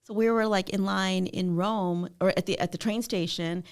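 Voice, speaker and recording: A middle-aged woman guest telling stories in a casual interview, animated and laughing often. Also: mid-range voice, normal speed, smooth. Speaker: podcast guest.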